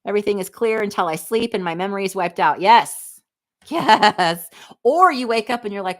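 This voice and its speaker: A woman's voice: mid-range voice, lively intonation, moderate pace. A woman, hosting a casual livestream, candid and snarky as she reads chat comments aloud. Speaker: livestream host reading chat.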